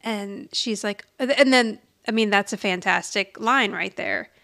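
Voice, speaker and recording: A woman's voice: mid-range voice, unhurried, gravelly, bright, forceful tone. A woman co-hosting a podcast, casually recapping a TV episode and acting out the characters' lines, often laughing. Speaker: podcast co-host.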